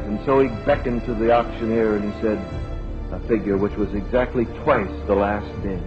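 A man preaching a sermon, telling a story slowly and dramatically. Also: fairly low pitch. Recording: lo-fi old sermon recording with music.

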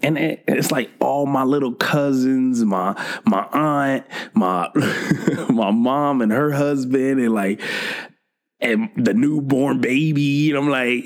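Slow-talking laid-back young man. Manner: laid-back, swears a lot, laughs often, big jumps in pitch when retelling. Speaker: podcast host. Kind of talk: casual storytelling monologue.

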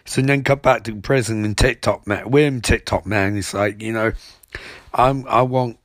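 A man's voice: fairly low pitch, normal speed, no room sound, studio quality. A young man giving a rambling, mocking recap of a TV episode. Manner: rambling, mocking, with filler restarts.

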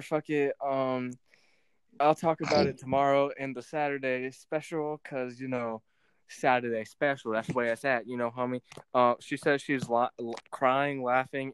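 A man's voice: mid-range voice, smooth, no echo. A young man hosting a podcast in a rambling, giggly casual chat, swearing freely. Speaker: podcast host.

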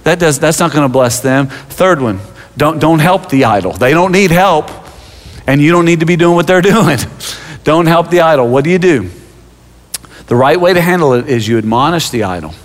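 A male pastor delivers a sermon in a large church sanctuary, his mid-range voice carrying a long reverb around the room. He moves between stories and scripture with self-deprecating humor, often stumbling and restarting his words. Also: mid-range voice.

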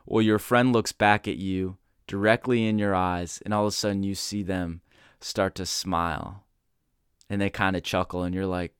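Earnest motivational man, smooth low voice. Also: steady tone, a little slow, a bit bright, no room sound, studio quality. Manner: earnest, storytelling, acts out quoted voices. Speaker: motivational speaker. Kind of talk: motivational talk.

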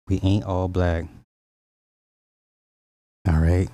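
A man's voice: deep voice, steady tone, measured pace, pauses often, mellow, no room sound. A man in his forties with an African American accent gives blunt, profane opinion commentary, stammering and restarting as he reads news quotes aloud and reacts to chat. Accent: African American Vernacular English. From United States. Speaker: commentary host.

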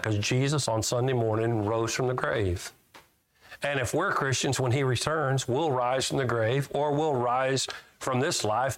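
Folksy preacher man quoting scripture. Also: medium pitch. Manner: folksy, asks the congregation questions; reads scripture aloud with rising emphasis. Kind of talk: sermon.

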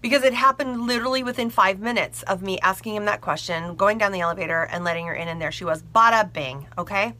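Chatty woman with a bright voice. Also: medium pitch, quick pace, hardly any pauses. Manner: chatty, animated, confiding. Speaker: bridal seamstress. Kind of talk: casual storytelling to camera.

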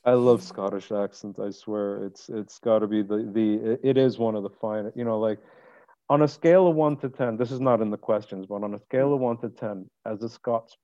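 Male interview host, mellow and rambling, dull lo-fi recording. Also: lowish voice, fairly even intonation, normal speed, no echo. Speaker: podcast host. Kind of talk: casual interview.

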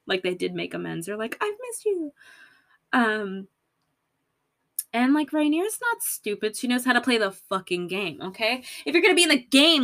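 A woman hosting a podcast in a casual, animated way, full of "like" and swearing, slipping into quick quoted voices for characters. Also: a little high. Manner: animated, filler-heavy valley-girl talk, acts out characters in quick quoted voices; swears freely and laughs at herself. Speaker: podcast host. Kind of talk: casual recap chat.

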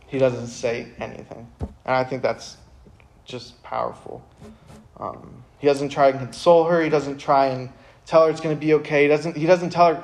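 A young man giving a casual, earnest talk to high school students, full of fillers and sudden bursts of energy. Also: steady tone, normal speed, a little mellow. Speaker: youth speaker.

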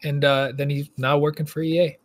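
A man co-hosting a gaming podcast, chatting casually and telling stories with animated asides. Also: a little high, brisk. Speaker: podcast co-host.

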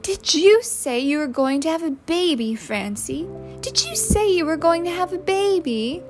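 A woman's voice: high-pitched, expressive, measured pace, voice pushed up. A woman voicing a mischievous teenage boy who chants and mocks his sister in a sing-song way, for an audiobook. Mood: teasing, singsong. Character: teasing mischievous teenage boy, loud and singsong. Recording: loud music behind the voice.

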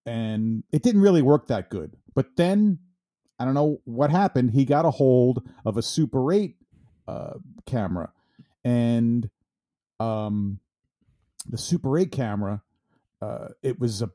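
Middle-aged guy on a podcast, warm mellow voice, lots of uhs and ums. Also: medium pitch, expressive, moderate pace, no room sound, clean studio sound. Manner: hesitant, many fillers, explains things. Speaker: podcast co-host. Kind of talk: casual chat.

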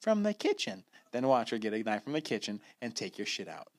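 A man's voice: fairly low pitch, fast. A man co-hosting a podcast in casual chat, joking crudely and bantering. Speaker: podcast co-host.

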